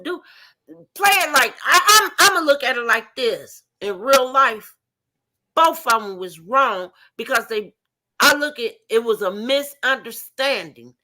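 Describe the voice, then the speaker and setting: A woman's voice: a little high, lively intonation, measured pace, sharp tone. A woman arguing passionately and profanely in a heated live stream debate, calling in remotely.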